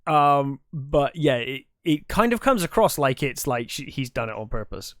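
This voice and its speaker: A man's voice: mid-range voice, moderate pace, dry recording, clean studio sound. Easygoing man retelling a film plot. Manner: relaxed, lots of ums and restarts while retelling scenes. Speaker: podcast co-host. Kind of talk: casual film chat.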